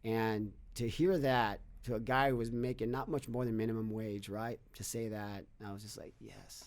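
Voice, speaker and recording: A man's voice: on the low side, fairly even intonation, normal speed. A middle-aged man, a guest on a podcast, talking earnestly and telling stories, often repeating and restarting his words. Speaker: podcast guest, fitness business owner. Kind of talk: casual interview storytelling.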